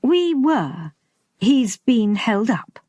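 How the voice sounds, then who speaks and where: A spirited young woman with a quick temper, giving short, defensive replies, read by a woman narrator. The voice is slow and slightly husky, in a dry, close recording. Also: on the high side, sing-song, warm tone, no echo, voice pushed up, heavily acted. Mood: curt.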